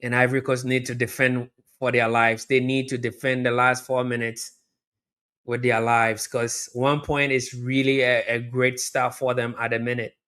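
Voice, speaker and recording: Man, live match reaction host, bright tone, casual rambling commentary to viewers. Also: mid-range voice, moderate pace, smooth. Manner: chatty, talks to viewers directly, repeats himself; erupts into loud excited shouting at near misses. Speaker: live watch-along host.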